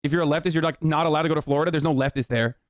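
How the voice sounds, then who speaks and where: Fast-talking profane male streamer. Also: a little high, no room sound, clean studio sound. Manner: profane, mocking, animated riffing. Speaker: streamer commentator. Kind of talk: casual reaction commentary.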